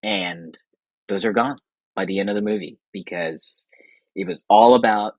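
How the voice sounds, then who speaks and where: A young man hosting, giving casual and enthusiastic commentary on films, talking quickly and laughing often. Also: lowish voice, dry recording, rough recording. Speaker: podcast host.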